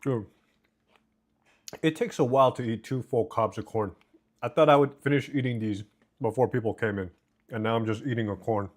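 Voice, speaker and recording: A man's voice: medium pitch, moderate pace, long pauses. A man live-streaming from home, chatting casually and reading chat aloud while eating, on a desk mic. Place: home, indoors. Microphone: desk mic with noise cancellation.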